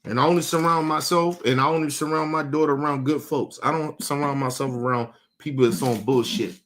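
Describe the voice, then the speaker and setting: A man's voice: fairly high pitch, fairly even intonation, brisk, fairly bright tone. A man hosting a livestream, talking bluntly and profanely to his chat in a casual rant, repeating and restarting words as he gets heated. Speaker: livestream host.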